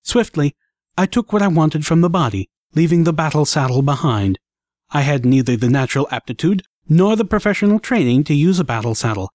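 A man reading a first-person action story aloud in an expressive, dramatic way. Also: on the high side, no echo, studio quality. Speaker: audiobook narrator.

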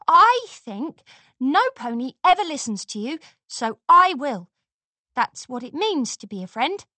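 A woman voicing a brave young filly pony who talks eagerly and earnestly in a raised, bright voice. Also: sits high, very animated, unhurried, no room sound, voice pushed up, full character voice. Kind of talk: storybook character voice.

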